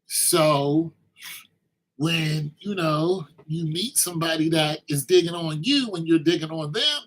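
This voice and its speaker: A man's voice: fairly high pitch, a little slow, fairly bright tone, low-quality recording. A man vlogging a rambling, teasing comic monologue that turns to preachy advice.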